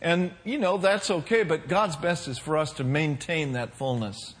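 A man's voice: on the high side, normal speed. A man preaching a sermon to a congregation, mixing fillers and call-and-response asides. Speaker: pastor.

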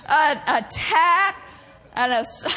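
A woman preacher, delivering a sermon and breaking into loud, exaggerated laughter and whoops. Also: very high-pitched, a little hiss or hum.

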